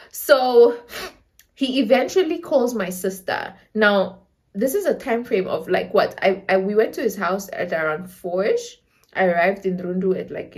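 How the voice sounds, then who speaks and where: A young woman with a Namibian accent telling a dramatic story to camera in a casual, animated way, acting out quotes and laughing often. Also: mid-range voice. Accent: Namibian English. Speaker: storytelling vlogger.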